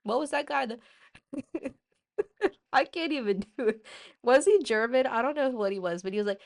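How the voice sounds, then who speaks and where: A woman hosting a casual opinion show, ranting in an animated, blunt way with plenty of swearing. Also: fairly high pitch, moderate pace, creaky. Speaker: host.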